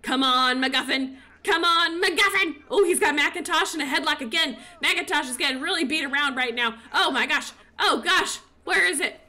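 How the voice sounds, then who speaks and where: A woman giving casual commentary on her own game, excitable and cheering as she plays. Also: high-pitched, a little fast, few pauses. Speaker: gaming video creator.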